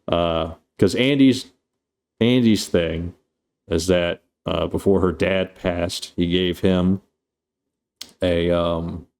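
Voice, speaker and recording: Man, low voice, mellow tone, rambling, profane, casual streamer. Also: steady tone, slow pace, long pauses, clean tone. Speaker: streamer reviewing a film. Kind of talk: casual live-stream chat.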